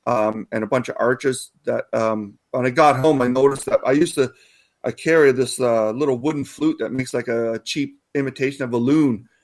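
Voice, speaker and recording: A Canadian man appearing as a guest researcher chats casually in an interview, rambling with lots of fillers and restarts. His voice is medium in pitch.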